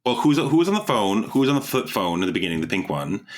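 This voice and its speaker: Podcast co-host: man, very low voice, rambling casual chat. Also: big pitch swings, quick pace. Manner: rambling, stumbles over words, laughs often.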